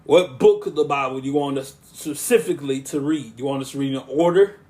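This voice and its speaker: A man hosting a podcast and speaking as a preacher, with a smooth, monotone, relaxing voice; he talks in a rambling way, often restarting his sentences. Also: mid-range voice, fairly quick. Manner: rambling, with frequent restarts and asides. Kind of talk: casual podcast talk.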